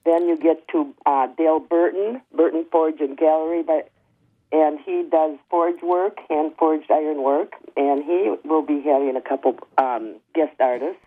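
A man's voice: fairly high pitch, fairly even intonation, a little slow. Man on a tinny phone line. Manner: chatty, listing with many ums and uhs. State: groggy morning voice. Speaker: potter, phone-in guest. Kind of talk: casual radio phone interview. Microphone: telephone.

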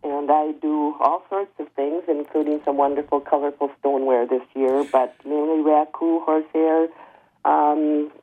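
A man on a tinny phone line into a radio studio, his voice pitched a little high. He chats casually and lists things with plenty of ums and uhs, his voice still groggy from the morning. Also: little pitch movement, moderate pace. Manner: chatty, listing with many ums and uhs. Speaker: potter, phone-in guest. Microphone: telephone.

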